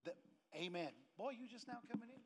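A middle-aged man, a pastor, preaching a sermon in a lively anecdotal way and acting out the voices of people in his stories. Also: high voice, quick pace. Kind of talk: storytelling sermon.

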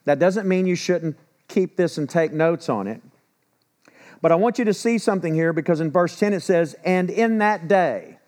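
A middle-aged man preaching with a slightly raised pitch. He has a folksy, storytelling way of delivering his sermon and often turns to the congregation with rhetorical questions. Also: expressive, moderate pace, a little mellow. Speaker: pastor.

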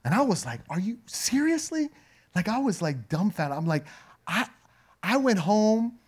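A middle-aged man with a slightly raspy voice, preaching a conversational sermon full of humorous asides and personal stories. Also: high-pitched, very animated, normal speed. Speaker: pastor. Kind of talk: sermon with storytelling.

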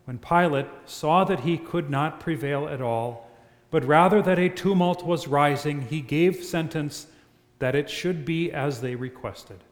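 A man's voice: on the high side, a little slow, roomy sound, long reverb tail. Solemn man reading scripture in a church. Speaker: scripture reader.

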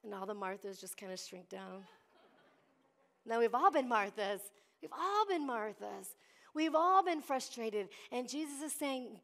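A woman's voice: a little high, lively intonation, measured pace. A middle-aged woman pastor preaching a sermon, calling out to the congregation and acting out voices from the story. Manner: preachy call-and-response, acts out Bible voices.

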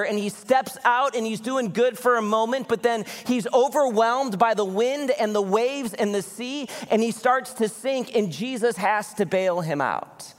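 A male pastor preaching a conversational, animated sermon, often acting out the voices of people in the story. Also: high-pitched, normal speed, long reverb tail. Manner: animated, conversational, acts out voices in Bible stories. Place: church.

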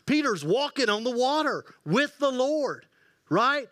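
Male pastor, high voice, animated storytelling sermon, dry close sound. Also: measured pace, dry recording. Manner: animated storytelling, acting out quoted voices, dropping to hushed tones.

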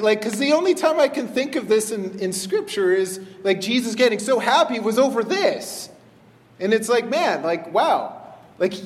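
A man with a high, light voice delivers a casual, animated sermon. His words ring out with a long hall reverb around them. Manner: animated, conversational, acts out voices in retellings. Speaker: pastor.

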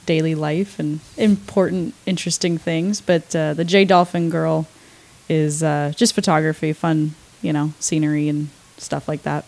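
A woman's voice: deep voice, little pitch movement, moderate pace, creaky, darkish tone. A young woman chatting casually as a podcast guest, hesitant with many fillers and frequent laughs. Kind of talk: casual chat.

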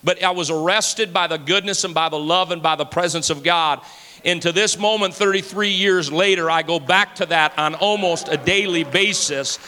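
A man in his forties delivers an impassioned sermon, hammering his points home by repeating phrases. His voice is bright and forceful and sits a little high for a man. Long reverb from a large church hall trails behind every line. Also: moderate pace. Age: 40s. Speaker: pastor. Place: church sanctuary.

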